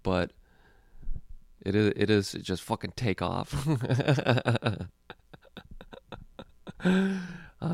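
A young man with a low, gravelly voice chats loosely as a comedy podcast host. He rambles, swears freely and laughs often. The recording is dry and close. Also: darkish tone, no room sound. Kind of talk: casual podcast chat.

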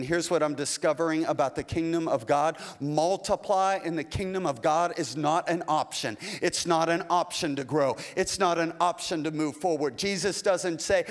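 A male pastor delivering a folksy, animated sermon, acting out little asides as he goes. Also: high voice, normal speed. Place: church sanctuary. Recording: long reverb of a large hall.

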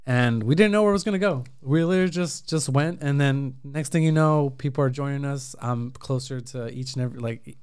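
A young man co-hosting a podcast, chatting casually with quick jokes, on a headset mic. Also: mid-range voice, darkish tone, clean tone, no room sound, studio quality. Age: young adult. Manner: quick, joking. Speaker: podcast co-host. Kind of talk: casual chat.

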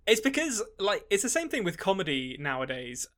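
Bright-voiced man hosting a film podcast. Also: sits high, very animated, brisk. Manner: conversational, hesitant fillers, leads the discussion. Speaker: podcast co-host. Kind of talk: casual movie chat.

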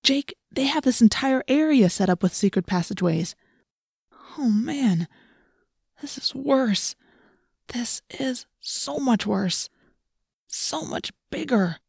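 A jittery teenage boy who cracks nervous jokes, his voice shaky and slipping into hushed whispers, as a woman narrator puts him on. He sounds a notch higher than the reader's own voice, and the recording is dry and close. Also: expressive, normal speed, vocal fry, slightly rough, no echo, full character voice. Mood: awed whisper.

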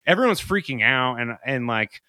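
A man's voice: medium pitch, lively intonation, normal speed, bright, forceful tone, dry recording, clean studio sound. Young male guest, mid-range voice, swears freely, rambling storyteller. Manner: loose and profane, heavy use of "like". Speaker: podcast guest. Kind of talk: casual spoken storytelling.

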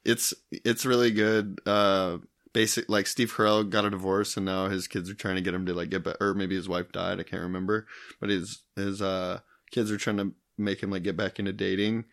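Laid-back young man with a low voice. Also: little pitch movement, moderate pace, creaky, fairly bright tone. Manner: laid-back, swearing, laughing often. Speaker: podcast co-host. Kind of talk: casual chat.

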